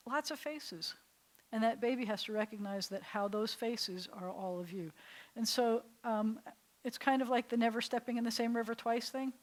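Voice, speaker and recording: A woman's voice: mid-range voice, moderate pace, poor audio. A woman rabbi teaching an adult Hebrew class, lingering on each word and sometimes dropping to a whisper. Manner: warm, playful, savors words, drops to a soft whisper for effect.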